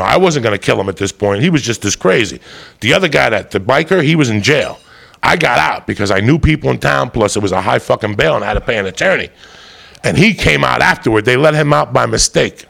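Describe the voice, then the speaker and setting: A man's voice: mid-range voice, vocal fry, a bit bright. A man telling a long story in casual chat, rowdy and profane, full of asides to the listener. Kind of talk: casual chat, crime anecdote.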